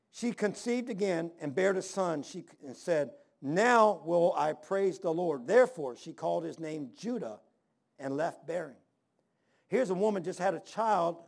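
A man's voice: high voice, vocal fry. A middle-aged male pastor preaching a sermon, telling stories and firing rhetorical questions with emphasis.

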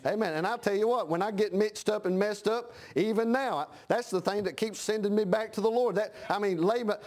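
A man's voice: high-pitched, a little fast, darkish tone. A middle-aged man preaching a folksy sermon, dropping frequent amens and acting out the voices of the people he talks about. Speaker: pastor.

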